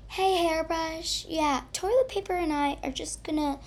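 A woman's voice: very high-pitched, unhurried, slight background noise, pitched above the performer's own voice. A woman voicing Lice Comb, a timid female lice comb, an outsider who pleads and whines. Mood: whiny. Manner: pleading, whiny.

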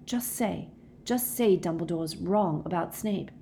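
A woman's voice: fairly low pitch, measured pace, gravelly, warm tone, a little hiss or hum. A woman reading an earnest, suspicious teenage boy who presses with questions in an audiobook.

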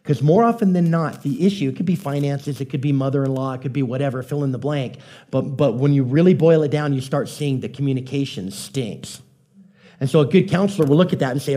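A male pastor delivers a sermon with a soft, mellow tone sitting a bit above the usual male pitch. He talks to the congregation like a friend, telling stories and slipping in jokes and quick questions. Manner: conversational, joking storyteller addressing the congregation.

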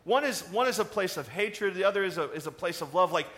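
A man preaching a sermon in a conversational, animated way, asking the congregation questions. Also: high-pitched, fast. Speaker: pastor.

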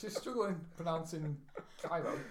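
A man's voice: a little high, animated, normal speed. A man co-hosting a casual podcast who teases the others with joking banter. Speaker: podcast co-host.

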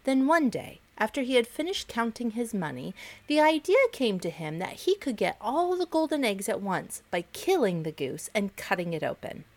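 A woman hosting a podcast, reading fables to children in a gentle, expressive storytelling voice. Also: a little high, normal speed. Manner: expressive, gentle, varied intonation. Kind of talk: storytelling narration for kids.

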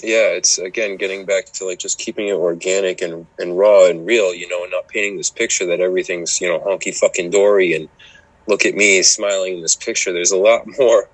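Podcast guest: low-pitched man, husky, dry recording, loose rambling talk. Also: fairly even intonation, brisk, hardly any pauses, no room sound, poor audio. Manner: rambling, full of "you know" and restarts. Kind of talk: casual chat.

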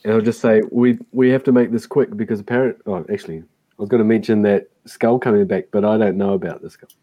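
A man playing a tabletop game, wry and quick to interject. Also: fairly low pitch, fairly even intonation, lo-fi sound. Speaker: player.

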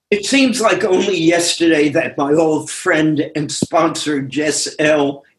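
An older man slowly reading his own essay aloud over a video call, measured and deliberate with pauses. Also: on the high side, roomy sound.

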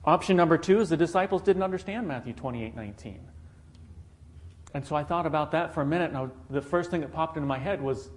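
An earnest man delivers a sermon in a voice that sits a little high for a man. He leans on rhetorical questions and checks in with his listeners. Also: fast. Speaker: preacher.

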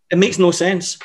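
A middle-aged man, a podcast guest telling swearing-laden anecdotes in a casual, animated way. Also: sits high, slight background noise. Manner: profane, animated anecdotal storyteller. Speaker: interview guest. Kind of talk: casual storytelling interview.

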